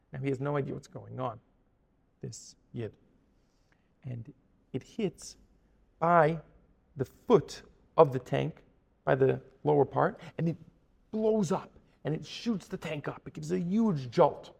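A man telling a story in a sermon as a Torah teacher, dramatic, dropping to a hush and then rising to emphatic peaks. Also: mid-range voice, animated, a little slow, vocal fry, long pauses, slightly rough, big-room sound. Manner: dramatic, swings from hushed to emphatic.

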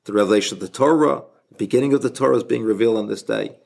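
A man giving an informal spoken religious lesson as a rabbi, halting and often restarting his sentences. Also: on the low side, gravelly, darkish tone. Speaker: rabbi teaching a class.

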